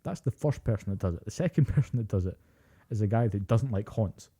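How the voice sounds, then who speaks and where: Low, dark-voiced man telling stories. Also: fairly quick, husky. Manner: animated storytelling, heavy swearing, acts out quotes. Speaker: podcast co-host. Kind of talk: casual chat.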